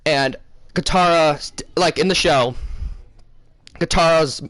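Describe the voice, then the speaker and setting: A man's voice: fairly high pitch, slow pace, a bit bright, no echo. A man hosting a casual vlog, retelling a dream in a rambling way full of fillers. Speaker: channel host.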